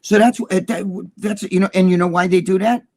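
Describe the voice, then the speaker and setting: Profane, blunt co-host, a man, slightly high voice, dry close sound. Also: fairly even intonation, brisk, dry recording. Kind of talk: casual talk show chat.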